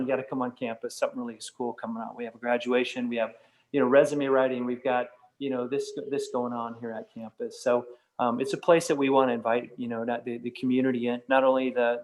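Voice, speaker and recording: A man's voice: mid-range voice, rough recording. Man speaking casually to a church group. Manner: conversational, many fillers and restarts. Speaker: guest speaker from a nonprofit campus.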